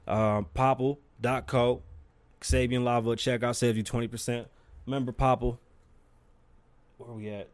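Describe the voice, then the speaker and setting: A man's voice: mid-range voice, measured pace, long pauses, dry recording. A man hosting his own podcast, talking casually and profanely and telling stories with lots of energy. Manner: profane, animated storytelling. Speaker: podcast host.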